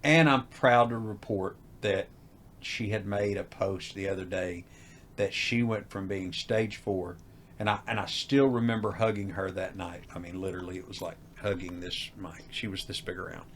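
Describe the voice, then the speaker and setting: Guest, middle-aged man, low voice, animated storyteller who acts out quoted lines. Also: normal speed, a little hiss or hum. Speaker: haunted house owner, guest. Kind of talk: storytelling interview.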